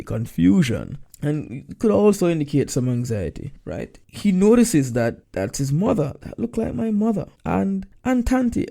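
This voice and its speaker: A man's voice: medium pitch, gravelly, warm tone. A male teacher walking through exam answers, reading passages aloud and explaining them.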